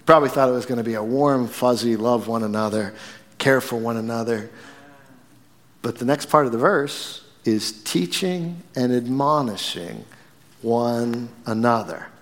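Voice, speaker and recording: Animated male pastor preaching in a reverberant hall. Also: medium pitch, measured pace. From northern United States. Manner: animated preaching with wide swings from quiet to emphatic. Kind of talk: sermon. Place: church sanctuary.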